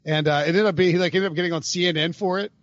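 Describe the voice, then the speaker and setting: A man's voice: high-pitched, steady tone, rapid-fire, dry recording, dull audio. A man hosting a podcast in casual chat, rambling and laughing with many restarts. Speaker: podcast host.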